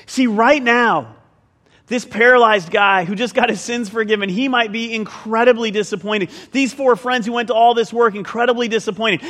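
A man preaching a sermon in an animated, conversational way, mixing scripture with joking asides. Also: extremely high pitch, in a large hall. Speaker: pastor.

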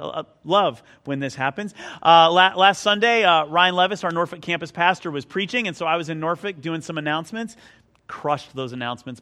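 A man's voice: a little high, sharp tone. A middle-aged male pastor preaching a sermon, telling a self-mocking personal story in a conversational way.

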